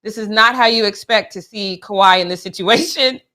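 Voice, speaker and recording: A young adult woman co-hosting a sports chat show, animated and playful. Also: medium pitch, fairly quick. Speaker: co-host.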